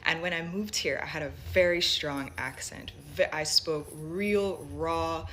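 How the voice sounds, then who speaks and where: Woman, from Jamaica, reflective, halting, slightly low, hiss. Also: fairly bright tone. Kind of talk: personal storytelling to camera.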